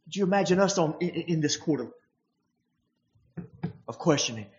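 Preacher mid sermon, chatty and animated, keeps restarting phrases, mid pitch, kinda muffled lo-fi recording. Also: normal speed. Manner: animated, acts out the quoted voices in a higher pitch; conversational, with frequent restarts. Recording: dull lo-fi recording.

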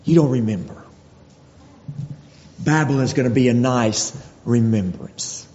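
A man's voice: mid-range voice, unhurried, mellow. Man preaching in an echoing hall. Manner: expository preaching, reading verses and voicing God's words with rising intensity. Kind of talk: sermon. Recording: dull recording with long hall reverb.

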